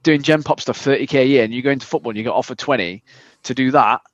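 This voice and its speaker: A man's voice: mid-range voice, dry recording. A man co-hosting a fitness podcast, telling frank, sweary stories about his working life. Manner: frank, sweary, quick storytelling. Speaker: podcast co-host, fitness coach. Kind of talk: casual podcast chat. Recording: dry, slightly dull podcast audio.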